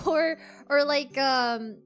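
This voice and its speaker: Bright high-voiced woman chatting. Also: drawn-out words. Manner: chatty, lots of fillers and restarts, bursts into laughter. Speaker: streamer, guest or host. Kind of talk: casual gaming chat.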